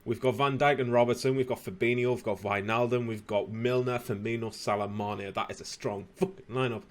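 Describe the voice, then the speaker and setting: A young man commentating his own football video game, slightly hoarse, bursting into shouts and laughter at goals. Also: medium pitch, a little fast. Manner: excitable, shouts at goals, casual swearing. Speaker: gaming youtuber.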